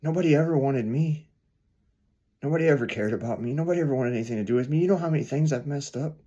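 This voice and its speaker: A man voicing a young homeless male addict in a sermon story, pleading in a rushed outburst. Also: mid-range voice, warm tone, voice pushed up, natural voice. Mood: desperate.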